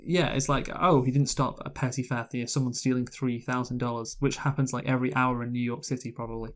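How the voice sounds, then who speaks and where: A man's voice: mid-range voice, flat delivery, fairly quick. A man co-hosting a casual movie review chat, rambling with lots of fillers and restarts. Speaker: podcast co-host, movie reviewer.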